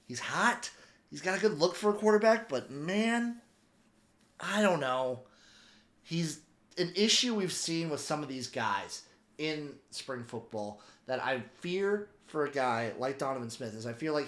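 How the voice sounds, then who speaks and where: A man giving casual, opinionated sports commentary as a podcaster, rambling with animated asides. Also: a little high, unhurried. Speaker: football podcaster.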